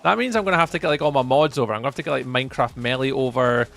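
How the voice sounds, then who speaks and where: A man's voice: medium pitch, rapid-fire, creaky, fairly bright tone, faint music behind. A Scottish man chatting casually with viewers while commentating a live game stream. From Scotland. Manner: friendly, chatty, greets viewers by name.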